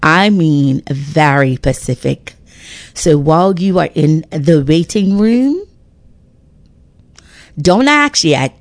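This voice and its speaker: On a radio talk show, a middle-aged woman with a deep, low voice preaches emphatically, encouraging faith and often restarting her sentences. She's animated yet slow, with long pauses, and the recording is dry and close with no room sound.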